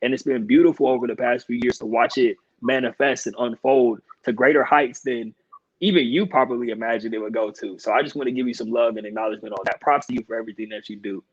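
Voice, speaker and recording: A man's voice: mid-range voice, fast talker, husky, no echo. Man hosting an interview over a dull call. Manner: warm, affirming, thoughtful interviewer. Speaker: podcast host. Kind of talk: casual interview. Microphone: video call.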